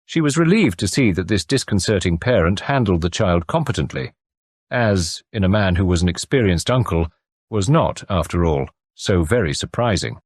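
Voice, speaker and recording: A man narrating a classic detective audiobook in measured storytelling. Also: low voice, animated, no room sound, clean studio sound. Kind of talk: scripted narration.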